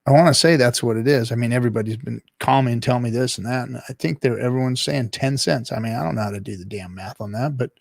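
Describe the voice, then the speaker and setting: A man hosting a casual live-stream chat show, talking in a rambling, halting way with many restarts. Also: medium pitch, vocal fry, no echo, clean studio sound. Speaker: podcast host.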